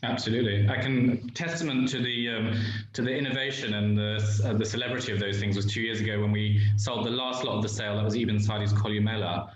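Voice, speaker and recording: A man with a slightly low voice hosts a relaxed panel, enthusiastic and chatty. He keeps things moving with quick affirmations. The sound is very echoey, as if from a bare room. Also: highs cut off, slight background noise. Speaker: host, auction specialist. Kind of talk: hosting a casual panel.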